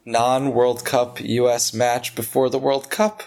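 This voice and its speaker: Excitable slangy man co-hosting. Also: mid-range voice, measured pace. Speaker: podcast co-host. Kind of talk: casual podcast chat.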